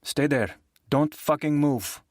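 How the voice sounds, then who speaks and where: A man voicing an angry, foul-mouthed female prosecutor with a rasping voice on a phone call in an audiobook. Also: fairly high pitch, takes it slowly, no echo, studio quality, voice pushed up. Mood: curt. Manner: swearing, scornful, raucous. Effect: heard over a phone line. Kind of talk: audiobook character voice.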